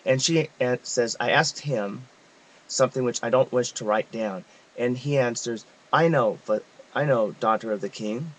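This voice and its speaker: A man reading a devotional text aloud, in a measured, reverent way with pauses. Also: medium pitch, poor audio. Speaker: reader of devotional messages.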